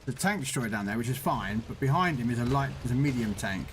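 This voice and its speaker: A man's voice: medium pitch, animated, fast talker, slight background noise. Chatty man streaming a game. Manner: chatty, laughs at his own stories. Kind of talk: casual gameplay commentary.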